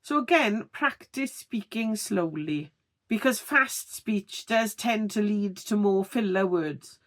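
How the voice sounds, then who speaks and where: A woman giving a tutorial vlog on speaking clearly, expressive and deliberately over-articulating her words. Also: medium pitch. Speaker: video creator teaching on-camera speaking.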